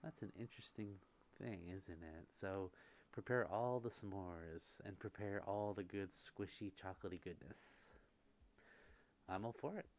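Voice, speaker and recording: A man with a slightly low voice hosts a relaxed ASMR livestream. He reads out viewer messages and answers each one gently. He talks close to the microphone. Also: unhurried. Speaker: livestream host.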